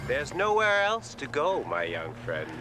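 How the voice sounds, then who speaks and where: An actor playing a sinister man ruling a miniature town, with a slow, menacing, gloating delivery in a TV drama scene. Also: mid-range voice, huge pitch swings. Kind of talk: TV drama dialogue. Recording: music track and vehicle noise behind voice.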